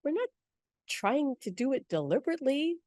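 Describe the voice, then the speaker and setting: A woman's voice: high-pitched, big pitch swings, normal speed, a little mellow, no room sound, studio quality. A woman teaching a spiritual workshop in a chatty, direct way. She laughs easily and keeps checking in with her listeners. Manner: laughs easily mid-sentence.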